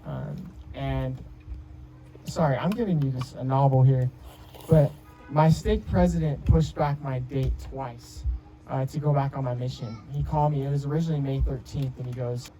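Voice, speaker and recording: A man's voice: medium pitch, fairly even intonation, moderate pace, dark tone, soft background music, low-quality recording. A young man in his twenties giving a heartfelt wedding speech as the groom, telling stories with many restarts and fillers. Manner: rambling storytelling with many restarts. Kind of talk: emotional personal speech.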